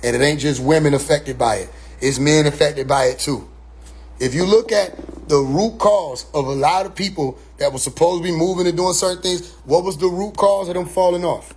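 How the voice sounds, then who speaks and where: A man speaking in a casual, animated monologue on his own stream, repeating words as he restarts his sentences. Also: fairly high pitch, normal speed, slight background noise.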